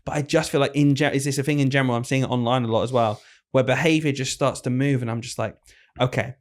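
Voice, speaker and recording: Chatty man telling classroom stories. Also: mid-range voice. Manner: chatty, animated storytelling with quick self-corrections. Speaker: primary school teacher and podcast co-host. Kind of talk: casual podcast chat.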